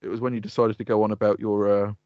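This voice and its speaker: A man's voice: on the low side, level tone, rapid-fire, darkish tone, dry recording. A man from the UK co-hosting a podcast, laid-back and teasing in sweary banter. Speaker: podcast co-host. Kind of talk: casual podcast chat. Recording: dry, slightly dull lo-fi audio.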